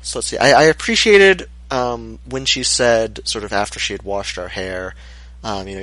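A man's voice: lowish voice, normal speed, a bit bright, no room sound. A man co-hosting a podcast in casual chat, sarcastic and mock-indignant. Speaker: podcast co-host.

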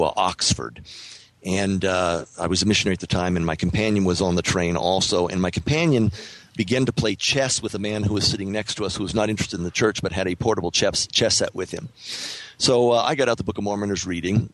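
A low-pitched man speaks in a measured, thoughtful way in a relaxed podcast chat. He often pauses and restarts as he works through a point. The sound is dry and close, with no room in it. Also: no room sound, poor audio. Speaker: author guest on a podcast. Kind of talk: casual podcast conversation.

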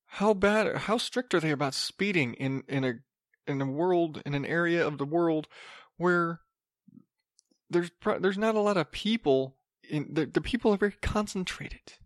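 Brief: higher-voiced male podcaster, rambling and wry, dry close sound. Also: moderate pace, dry recording. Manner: rambling, repeats and restarts words, sarcastic asides. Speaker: podcast host. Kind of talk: casual solo podcast monologue.

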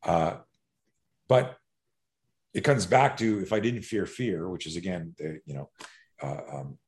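A man who coaches fighters, telling stories in a loose, animated conversation, swearing now and then and restarting his sentences. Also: low-pitched, a little slow. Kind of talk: casual podcast conversation.

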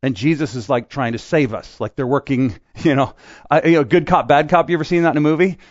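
A man's voice: on the high side, fast talker, no room sound, muffled recording. A middle-aged man from Quebec preaching a sermon in a casual, joking way, acting out little voices as he tells stories. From Quebec, Canada. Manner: conversational, joking, acts out voices in asides. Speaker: pastor.

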